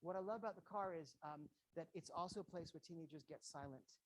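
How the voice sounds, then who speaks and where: A man's voice: fairly high pitch, fast talker. A man giving an earnest lecture to parents, stressing his points by repeating them and acting out short quoted exchanges. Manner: earnest, emphatic, repeats key phrases; acts out little quoted exchanges. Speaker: guest educator speaking to parents. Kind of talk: motivational lecture with slides.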